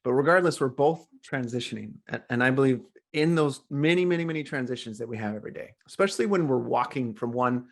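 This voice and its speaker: A middle-aged man, a coach, telling a story as a podcast guest in a lively, animated way. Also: mid-range voice, fast talker, hardly any pauses. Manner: animated storyteller, acts out quoted voices. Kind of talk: casual storytelling interview.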